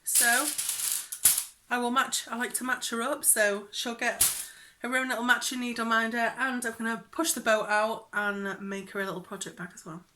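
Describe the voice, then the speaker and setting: Chatty woman, young, rambling and giggly, bright tone, home vlog with faint hiss. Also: on the high side, normal speed. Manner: chatty, giggly, drops into whispers when excited. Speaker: cross-stitch vlogger.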